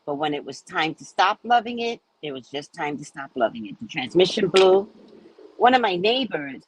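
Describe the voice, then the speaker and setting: A woman hosting a casual livestream chat, telling rambling stories in an animated way and greeting viewers. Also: lowish voice, moderate pace, breathy edge, low-quality recording. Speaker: livestream host.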